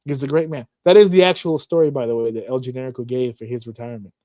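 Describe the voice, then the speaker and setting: A man hosting a wrestling podcast, telling stories in a profane, animated way, often mocking fans in put-on voices. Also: mid-range voice, quick pace, dry recording, studio quality. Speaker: podcast host. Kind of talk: casual chat.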